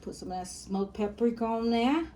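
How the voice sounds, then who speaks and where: A woman's voice: fairly high pitch, moderate pace, noisy background. A woman, chatting casually to her viewers as she cooks in her home kitchen and calls them y'all and baby. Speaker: cooking vlogger. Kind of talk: casual cooking tutorial.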